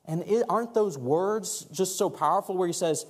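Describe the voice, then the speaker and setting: A man preaching a sermon as pastor in a church, earnest, rising and growing louder for emphasis, asking the congregation to join in. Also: sits high, normal speed, few pauses. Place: church sanctuary.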